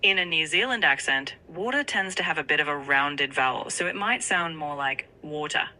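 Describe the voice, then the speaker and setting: A woman's voice: low voice, expressive, a little fast, bright, forceful tone, low-quality recording. A synthetic woman's voice of an AI assistant, answering in upbeat, polished phrases.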